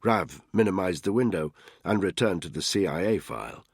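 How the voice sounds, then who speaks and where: A man narrating a thriller audiobook in a steady, even storytelling manner with a husky voice. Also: low-pitched, moderate pace, dry recording, clean studio sound.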